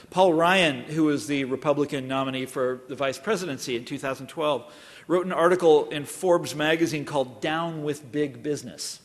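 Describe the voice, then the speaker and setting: Middle-aged guy from kansas giving a talk, wry and chatty, mid pitch, big hall reverb trailing off. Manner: wry, conversational and digressive. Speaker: guest lecturer. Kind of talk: university public lecture. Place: large lecture hall. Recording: long reverb of a lecture hall.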